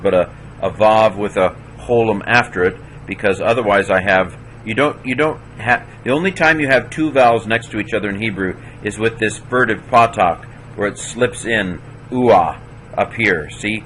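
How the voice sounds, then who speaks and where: A man teaching a class, slowly sounding out syllables one at a time and stopping to correct himself. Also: on the low side, a bit bright, a little hiss or hum, rough recording. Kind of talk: classroom walkthrough of Hebrew pronunciation.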